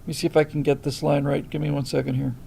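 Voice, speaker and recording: A man hosting a livestream drifts from one anecdote to the next in casual, rambling chat. His voice sits a touch high and is heavy with gravelly fry, over a faint background hiss. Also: flat delivery, fast talker, warm tone, low-quality recording. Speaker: host.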